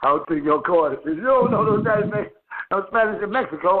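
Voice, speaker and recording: Laughing high-voiced man on a phone line. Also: animated, brisk. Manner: loose, laughing, profane storytelling. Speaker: host of a call-in chat. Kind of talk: casual call-in chat. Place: a friend's house. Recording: tinny phone line with faint noise.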